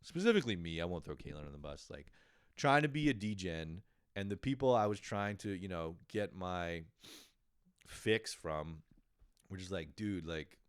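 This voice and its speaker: Laid-back deep-voiced man telling stories. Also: expressive, moderate pace, clean tone, no echo, clean studio sound. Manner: laid-back, profane, laughing often, acting out quotes. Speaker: podcast host. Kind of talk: casual storytelling monologue.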